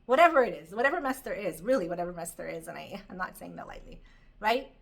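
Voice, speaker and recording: A woman teaching a Torah class, telling stories in an animated way and mixing in Hebrew terms. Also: lowish voice, fast talker, vocal fry, slightly rough.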